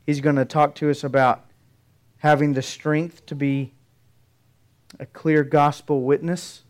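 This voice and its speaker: Male pastor, middle-aged, earnest sermon delivery, rising emphasis, fairly high smooth voice. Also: little pitch movement, unhurried, a little mellow. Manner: earnest preaching with building emphasis.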